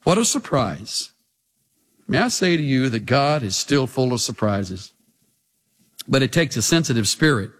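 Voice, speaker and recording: A male pastor preaching a sermon in an animated way, with rhetorical questions and humorous asides, in a large church. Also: mid-range voice, normal speed. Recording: long hall reverb.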